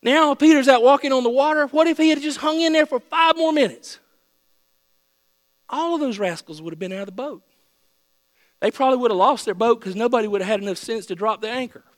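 A man preaching a sermon with a high-pitched voice, telling the story playfully and building to excited shouts. His voice carries through a large hall with long reverb, and a faint mains hum runs underneath. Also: fairly quick.

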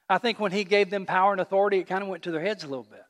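A male pastor preaches with a bright, high voice. He tells the story in an animated way and keeps asking the congregation questions. His words ring out with a long hall reverb. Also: racing. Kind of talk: sermon.

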